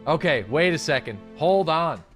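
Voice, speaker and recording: A young man streaming a game, chatting casually, swearing freely and getting loudly excited at new finds. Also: moderate pace, faint music behind. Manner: excitable, swears a lot, jumps up high when surprised. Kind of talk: casual gaming livestream chat.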